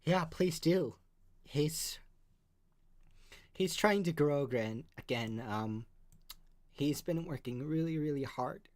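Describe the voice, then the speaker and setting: A music producer in casual chat, close to tears, emotional and apologetic, talking in halting bursts. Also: male voice, a little high, a little mellow.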